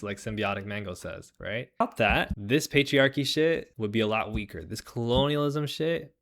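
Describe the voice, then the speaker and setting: A man with a fairly low voice hosts a livestream and comments on things as they come up. His talk rambles and stays animated, full of tag questions. Now and then he slips into sarcastic mock voices. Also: moderate pace, vocal fry, few pauses. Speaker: host.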